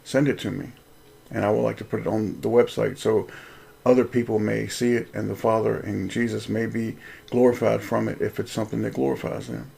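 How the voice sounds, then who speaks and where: A man's voice: on the low side, flat delivery, brisk, creaky, warm tone, breathy edge. A man, host of a Christian video channel, reading aloud a story he wrote, in an earnest, preacherly way.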